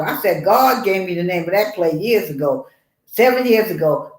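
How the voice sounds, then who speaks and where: A woman author telling a personal story in an animated way, acting out the voices of the people in it. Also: mid-range voice, normal speed, echoey room, poor audio. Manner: expressive, acts out voices in her story. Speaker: author guest.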